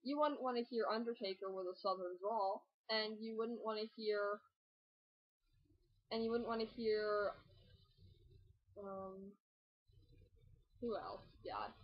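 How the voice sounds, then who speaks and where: A woman's voice: medium pitch, steady tone, a little slow, pauses often, dull audio. A young woman vlogger giving casual cosplay advice in a chatty, joking way with rambling asides. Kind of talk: casual tutorial talk.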